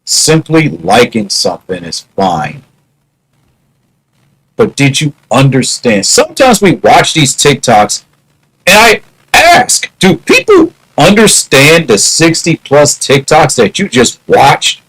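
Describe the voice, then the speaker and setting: A man's voice: medium pitch, sing-song, takes it slowly, a bit bright, husky, low-quality recording. A man musing in a casual vlog monologue, wry and half-joking. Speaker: vlogger.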